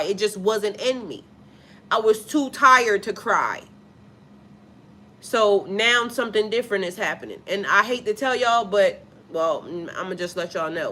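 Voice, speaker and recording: Woman, spiritual coach, live stream chat, blunt, profane, emphatic, sharp bright tone. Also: medium pitch, a little hiss or hum. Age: adult with a child. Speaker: spiritual life coach and tarot reader. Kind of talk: casual live-stream chat, reading viewer comments.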